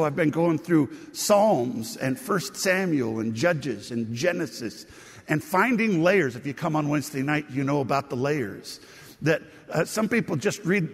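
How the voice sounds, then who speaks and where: Gravelly-voiced male preacher in a reverberant hall. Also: a little high. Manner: teaching, conversational with emphatic rises. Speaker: pastor. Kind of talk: sermon.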